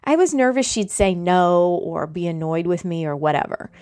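A woman's voice: fairly low pitch, lively intonation, normal speed, a little mellow. A woman coach hosting a solo podcast, talking in an emphatic, conversational, motivational way.

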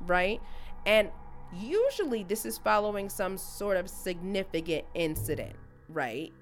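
Woman, podcast co-host, brash and profane, lively swooping pitch, casual comedic chat. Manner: brash, profane, animated, breaks into playful voices.

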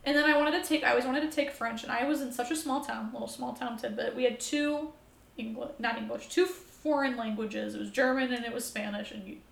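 A young American woman chatting as a podcast guest, animated and swearing freely as she acts out her own reactions. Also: on the high side, a little fast, creaky. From United States. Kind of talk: casual chat. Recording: roomy echo.

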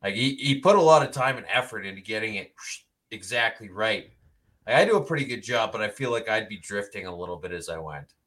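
A man co-hosting a casual comedy chat, making wry deadpan quips with lots of fillers. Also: on the low side, fairly quick. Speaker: podcast co-host.

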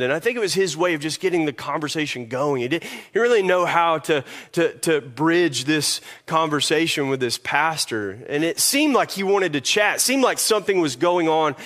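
A man's voice: fairly high pitch, normal speed, hardly any pauses, fairly bright tone. A man with a Kentucky Southern accent preaching a sermon as pastor, telling stories animatedly with frequent restarts.

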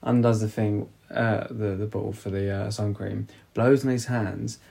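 A man talking casually about a film, rambling and halting with many restarts. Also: on the low side, steady tone, gravelly, dark tone.

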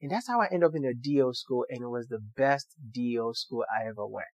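A man's voice: mid-range voice, a little fast, no echo. A young man earnestly telling a personal story to viewers, with motivational emphasis. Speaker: doctor sharing his story.

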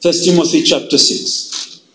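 A man's voice: fairly high pitch, steady tone, measured pace, a bit bright, roomy sound, poor audio. A male pastor preaching emphatically and reading scripture in a sermon.

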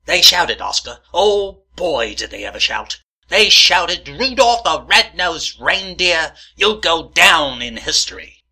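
A man playing a fussy, pedantic man who needles and lectures his roommate, indignant and drawn-out in a comedy sketch. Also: a little high, sing-song, vocal fry, sharp tone, breathy edge, exaggerated voice. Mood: triumphant. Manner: prissy, indignant, drawn-out storytelling.

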